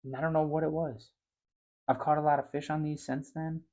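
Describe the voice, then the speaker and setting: Middle-aged fishing guy telling a story, casual, voice goes high and loud when he's hyped. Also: brisk. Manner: animated, gets loud and high when excited. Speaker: fishing show host.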